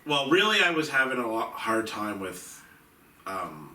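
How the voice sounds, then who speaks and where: A man's voice: medium pitch, sing-song, measured pace, pushed and bright. A man co-hosting a movie podcast, chatting casually about films in a rambling way full of fillers. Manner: rambling, filler-heavy, restarts often. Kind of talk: casual film review chat. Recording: echoey room, mic at a distance.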